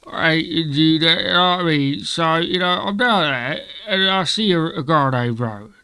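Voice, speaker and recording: A boastful London gangster, as a man puts him on, drawling slowly and swaggering through every line. The voice is bright and pushed, sitting a little high, with a close, dry sound and no room around it. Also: clean tone, no echo. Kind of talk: comic impression on a podcast.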